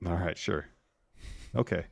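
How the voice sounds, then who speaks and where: Man, podcast co-host, lowish voice, dry close mic, relaxed deadpan banter. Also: measured pace, gravelly, dry recording. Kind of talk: casual live-stream banter.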